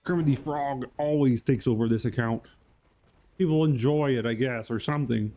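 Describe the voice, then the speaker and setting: A man's voice: medium pitch, normal speed, mellow, faint music behind, natural voice. A man doing an impression of a cheerful frog puppet, talking in a nasal, bouncy voice over a live stream. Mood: chatty.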